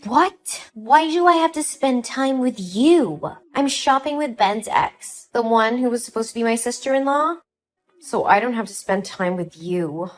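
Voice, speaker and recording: A woman voicing a spiteful young sister-in-law who talks in a sharp, scornful, accusing way in a dramatized story. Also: on the high side, animated, unhurried.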